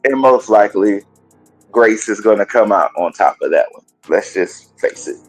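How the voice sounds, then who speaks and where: A man hosting a gaming and wrestling podcast, casually recapping a show in a colloquial, chatty way and pausing now and then to cough. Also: lowish voice, animated, slightly rough, soft background music, rough recording.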